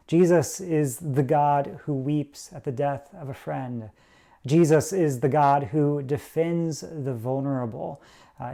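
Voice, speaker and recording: Warm-voiced pastor preaching, a man. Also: a little high, gravelly. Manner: earnest, conversational, acts out little quoted voices. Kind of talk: sermon.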